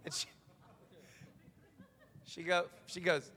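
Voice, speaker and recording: Emphatic pastor with a bright, high voice. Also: male voice, moderate pace. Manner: emphatic, pleading, asks the crowd if they follow. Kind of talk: evening sermon. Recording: long reverb of a large hall.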